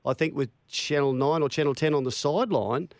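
A man's voice: a little high, fairly quick, no echo, studio quality. An older Australian man, a veteran broadcaster, telling stories in good humour and laughing easily. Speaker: broadcaster being farewelled. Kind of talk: casual banter.

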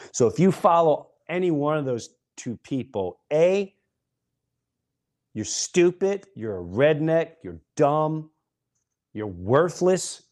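A middle-aged man hosting a podcast, delivering an impassioned monologue and hammering single words with long pauses between them. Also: medium pitch, darkish tone. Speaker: podcast host.

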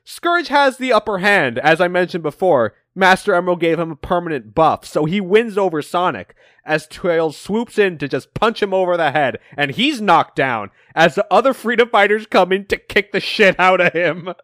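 A man co-hosting a podcast, recapping comic issues in an animated, casual way with plenty of swearing. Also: sits high, normal speed, few pauses, no room sound, clean studio sound. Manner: animated storytelling with frequent swearing. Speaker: podcast co-host.

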